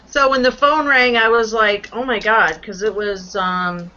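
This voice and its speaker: A woman's voice: on the high side, measured pace, pushed and bright, highs cut off. A woman guest telling stories in a casual call-in chat, laughing often. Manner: chatty storyteller, laughs often. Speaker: guest reseller.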